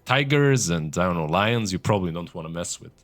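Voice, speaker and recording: Deep-voiced and expressive, this man talks briskly with a fairly bright tone. Co-casting an esports stream, he trades playful banter with his partner and laughs frequently during the casual chat.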